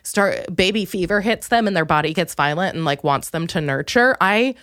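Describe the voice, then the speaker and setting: A young woman comedian hosting her podcast, rambling through a casual comic monologue with self-mocking asides and sudden high excited quotes. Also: normal speed, no room sound, clean studio sound.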